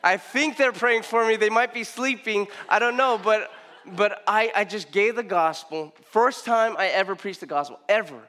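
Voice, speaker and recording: A middle-aged man delivers a sermon with a slightly higher-pitched voice. He repeats phrases and swings from hushed reflection to loud, emphatic peaks as he tells a personal story. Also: moderate pace. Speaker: pastor.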